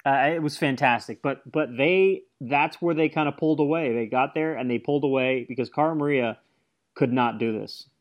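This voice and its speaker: A man co-hosting a podcast in casual chat, agreeing readily with his partner. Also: medium pitch. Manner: agreeable, backs up co-host with quick yeahs. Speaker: podcast co-host.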